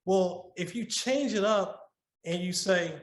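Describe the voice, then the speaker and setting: A man's voice: high-pitched, slow. A middle-aged man talking as a podcast guest, giving earnest advice on marriage in a conversational way and often repeating and restarting words as he tells a story. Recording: roomy echo.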